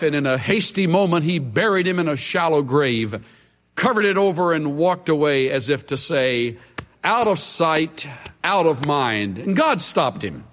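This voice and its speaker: Male Bible teacher, emphatic sermon delivery, higher voice, reverb of a large hall. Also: fairly bright tone. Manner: emphatic preaching with dramatic pauses.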